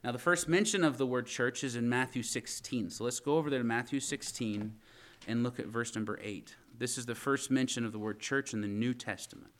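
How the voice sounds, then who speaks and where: A man's voice: medium pitch, brisk, fairly bright tone. A man preaching a conversational sermon to his church congregation, often asking them questions as he reads scripture. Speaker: pastor. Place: church sanctuary.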